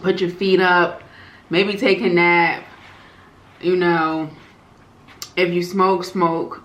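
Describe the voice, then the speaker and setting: A woman with a lowish voice talks at a lazy, unhurried pace while eating on camera. She stretches words out and repeats them for emphasis, chatting casually to her viewers. The room is echoey, with a faint hum of ambient noise behind her. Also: level tone, fairly bright tone. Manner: slow, drawn-out, savoring, repeats words for emphasis; says y'all and you guys. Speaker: mukbang vlogger. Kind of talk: casual eating vlog chat.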